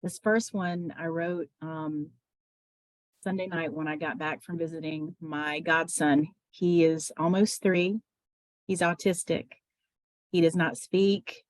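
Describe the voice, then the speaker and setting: A woman's voice: low-pitched, little pitch movement, dry recording. Emotional woman reading her poem. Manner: halting with fillers, gets emotional. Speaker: poet at an open mic. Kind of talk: personal story and spoken-word poem. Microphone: video call.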